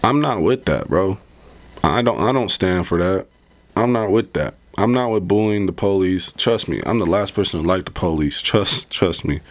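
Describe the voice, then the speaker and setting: Man, deep low voice, rambling, casual vlog commentary, says "bro". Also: animated, moderate pace. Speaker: political commentary vlogger.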